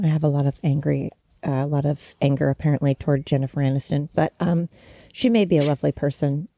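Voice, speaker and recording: Gravelly, dark-voiced woman ranting. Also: deep voice, no echo, highs cut off. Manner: profane, rambling, worked-up. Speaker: podcast host. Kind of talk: solo podcast rant. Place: at home with her dogs.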